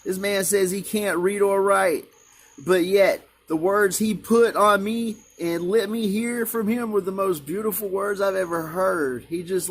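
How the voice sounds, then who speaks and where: Earnest high-voiced man telling a testimony. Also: slightly rough. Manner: earnest, rambling, repeats words. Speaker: vlogger. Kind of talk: emotional personal testimony.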